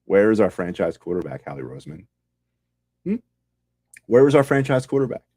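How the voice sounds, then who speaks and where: A man's voice: on the low side, big pitch swings, fairly quick, warm tone, breathy edge. A man hosting a sports podcast, delivering a heated, sarcastic fan rant full of rhetorical questions.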